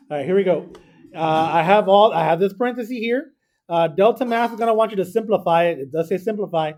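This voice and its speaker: A man's voice: sits high, fast talker, darkish tone. A man teaching a math class, talking through arithmetic step by step and checking in with students. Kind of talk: classroom lesson.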